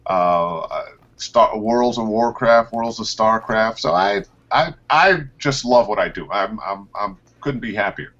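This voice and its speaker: A man, a voice actor, chats about his work in a lively way. His pitch swings high and low as he tells stories. His voice comes through a muffled, dull video call line. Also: unhurried. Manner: animated storyteller, pitch leaps up and down. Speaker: voice actor guest. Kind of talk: casual interview over a video call.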